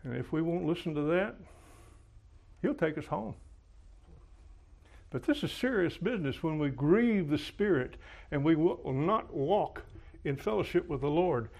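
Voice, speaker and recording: A man's voice: on the high side, lively intonation, unhurried, gravelly, darkish tone. Folksy preacher man telling stories. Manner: folksy storytelling, dramatic swings in volume. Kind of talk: sermon with anecdotes.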